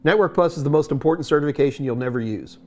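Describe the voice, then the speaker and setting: A man with a slightly high voice hosts a casual live question-and-answer stream. He rambles and jokes as he answers, often breaking off and restarting his sentences. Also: racing, darkish tone, slight background noise. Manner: jokey, rambling, with many restarts. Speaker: host answering viewer tech questions.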